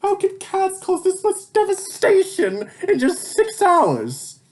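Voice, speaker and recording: A man voicing an overdramatic male alien villain who wails in outrage, pitched far up from his own voice. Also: huge pitch swings, slow, darkish tone, exaggerated voice. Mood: outraged. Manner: melodramatic wailing.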